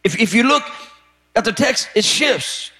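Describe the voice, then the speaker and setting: A pastor preaching a sermon with emphatic, repetitive phrasing that rises to shouted peaks. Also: male voice, very high-pitched, animated, a little slow. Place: church sanctuary.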